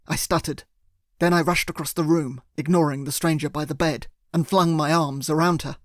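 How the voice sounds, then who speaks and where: A man's voice: a little high, steady tone, normal speed, dry recording, studio quality. Earnest man narrating. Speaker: audiobook narrator. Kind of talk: first-person audiobook narration.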